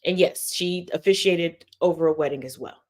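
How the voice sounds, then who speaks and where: A woman's voice: on the low side, moderate pace, slight background noise. A woman hosting a commentary video, breaking down clips in a sarcastic, mocking, pointed way. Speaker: commentary host.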